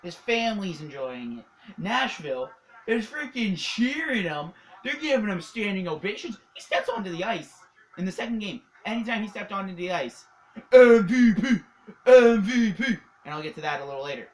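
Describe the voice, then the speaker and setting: Casual hockey recap, excitable, rambling, filler-heavy, from Canada, light background noise. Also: mid-range voice, a little fast, low-quality recording. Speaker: hockey vlogger.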